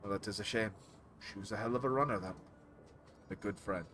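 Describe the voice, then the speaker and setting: A man voicing a grizzled male troll veteran with prosthetic limbs, speaking in a grim, low, measured way. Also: a bit bright, a little hiss or hum, natural voice. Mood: mournful.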